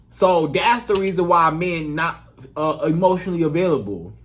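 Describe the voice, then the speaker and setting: A man's voice: on the high side, lively intonation, normal speed, fairly bright tone. A man giving relationship advice in a casual, emphatic monologue, repeating his points in colloquial speech. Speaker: relationship coach.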